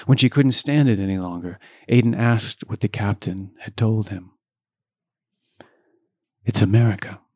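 A man's voice: lowish voice, moderate pace, few pauses, no echo, clean studio sound. A man reading a novel aloud in a casual way, shifting his voice for the dialogue. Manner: reads dialogue with lively voice changes and joking asides.

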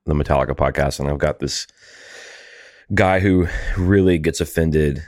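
A man co-hosting a comedy podcast, talking in a wry, deadpan way. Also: rumbling low, normal speed, no echo, studio quality. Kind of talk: casual comedic chat.

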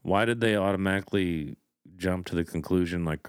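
Man, very low voice, smooth and resonant, casual podcast chat. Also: a little fast, no echo, clean studio sound. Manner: relaxed, speculative, uses "like" often. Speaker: podcast co-host.

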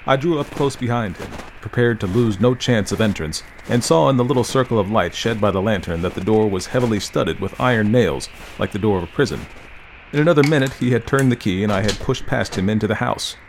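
Guy with a lowish voice reading an old ghost story, slow and dramatic, a little hiss behind. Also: creaky, low-quality recording. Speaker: audiobook narrator. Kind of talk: scripted narration of a Victorian ghost story.

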